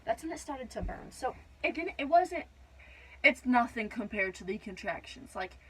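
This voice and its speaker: A woman's voice: fairly high pitch, animated, moderate pace, fairly bright tone, slightly rough, rough recording. A young woman casually telling her birth story in a vlog, rambling with lots of fillers. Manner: rambling, many "like" and "whatnot" fillers.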